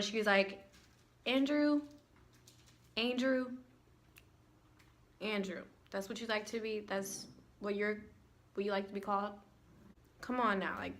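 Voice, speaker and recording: Bright-voiced young woman telling sarcastic stories. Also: medium pitch. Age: young adult. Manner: sarcastic, animated, acts out people she quotes. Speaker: vlogger. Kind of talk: casual storytelling vlog.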